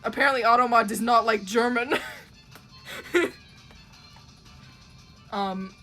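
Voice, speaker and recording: A young woman from Canada talks casually to her stream chat while drawing, her voice sitting a little high. She rambles, swears freely and laughs easily, with faint music playing underneath. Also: slow, sharp tone. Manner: chatty, profane, laughs often, trails off with ums. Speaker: livestreamer drawing and reading chat.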